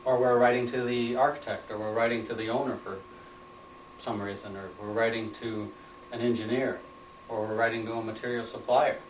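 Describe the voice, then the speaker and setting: A man's voice: mid-range voice, little pitch movement, fairly quick. Man, instructor, plain lecture delivery, repeats points as questions, distant mic, faint background hiss. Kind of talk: training lecture. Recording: roomy, off-mic room sound.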